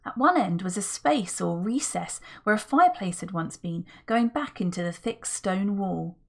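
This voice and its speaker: Expressive woman reading a children's story. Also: mid-range voice, normal speed, creaky. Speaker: audiobook reader. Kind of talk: scripted narration of a children's book.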